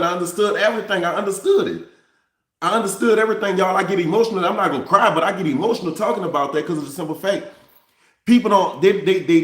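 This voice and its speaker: A man's voice: on the high side, a bit bright, roomy sound. A man, speaking straight to his viewers in a candid, repetitive storytelling monologue. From New Orleans. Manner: repetitive, restarts phrases, addresses viewers as y'all. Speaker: vlogger.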